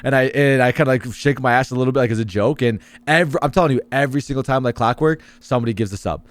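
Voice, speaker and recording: A young man guesting on a podcast, talking rapidly in casual chat and dropping into a mock-serious low voice for jokes. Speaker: streamer guest.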